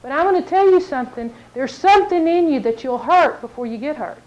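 A woman delivers a sermon in a high, bright-pitched voice. She tells stories with animation and slips into the voices of the people she quotes. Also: fairly quick, lo-fi sound. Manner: animated storytelling, acts out quotes. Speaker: preacher.

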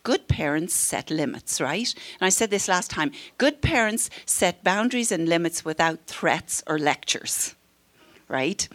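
A middle-aged counselor addresses a live parenting class at a measured pace, her low-leaning voice fairly bright and full of big pitch swings. Friendly and quick to laugh, she often imitates how parents and children talk.

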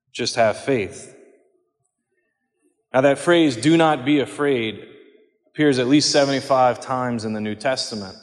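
A man preaching a homily in a church, measured and earnest, slowing down for each quoted line. His voice sits in the middle range, and a long reverb trails after every phrase. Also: medium pitch. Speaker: priest. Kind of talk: homily on scripture.

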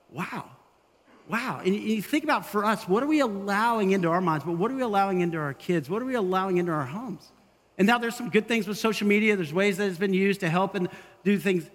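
High-voiced man preaching in a reverberant hall. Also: fast talker. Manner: animated, acts out quoted voices. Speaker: pastor. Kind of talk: sermon.

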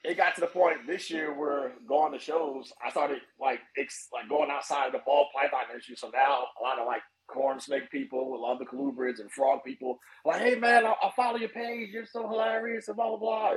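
A man chatting casually as a podcast guest, animated and swearing freely. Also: mid-range voice, noisy background. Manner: animated, swears casually, acts out quoted voices. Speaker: podcast guest, snake breeder. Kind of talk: casual chat.

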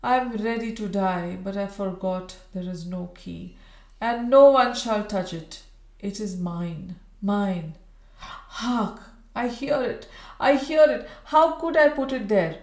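A feverish dying woman raves and pleads in her delirium, her voice climbing high and loud, as a woman reader puts her on. The sound carries a roomy echo. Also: lively intonation, slow pace. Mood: frantic raving. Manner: rambling, raving, pleading.

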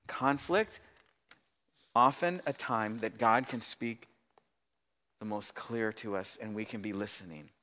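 A man pastor preaching a sermon, moving between loud pleading lines and soft hushed passages as he acts out Bible voices. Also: fairly low pitch, unhurried, pauses often.

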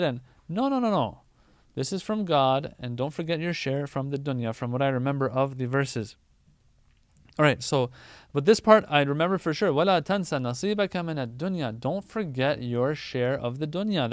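Male preacher, relaxed conversational sermon, crisp clear tone, dry close sound. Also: fairly high pitch, no echo. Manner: conversational, animated teaching with everyday examples.

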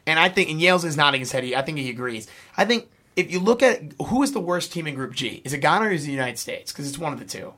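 A man hosting a casual sports talk show, excitable and full of fillers. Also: a little high, fast, few pauses. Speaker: podcast host.

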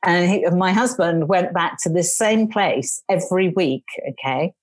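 A woman guest telling lively stories in casual conversation, acting out the people she quotes. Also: on the low side, unhurried. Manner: lively storyteller, acts out voices in quotes.

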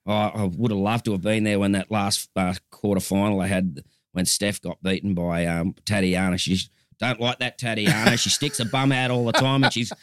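A man's voice: fairly low pitch, little pitch movement, normal speed, no echo, studio quality. A man in his fifties with an Australian accent, telling stories as a guest in a casual chat, rambling with restarts. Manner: chatty storyteller, rambling with restarts.

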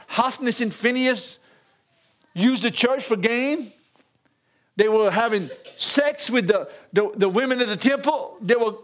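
An older man preaching a folksy sermon, chuckling often and calling out to the congregation. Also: extremely high pitch.

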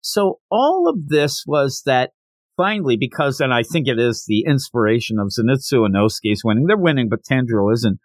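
A male podcast host giving a casual, animated recap of a comic chapter and retelling the characters' dialogue. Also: mid-range voice, normal speed, dry recording.

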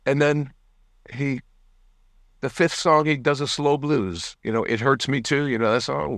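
A man's voice: medium pitch, steady tone, a little slow, fairly bright tone, dry recording. A man telling a story as a guest musician in a casual interview, acting out the people he quotes and laughing often. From United States.

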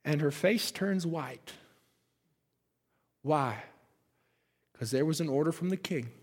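A man preaching a sermon, storytelling and acting out biblical characters, swinging from shouts to hushed asides. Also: fairly high pitch, a little slow, long pauses. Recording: long hall reverb.

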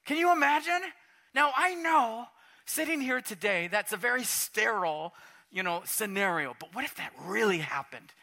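A middle-aged man preaching a sermon in a church, animated and swinging between quiet talk and shouts. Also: high voice, normal speed. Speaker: pastor. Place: church sanctuary.

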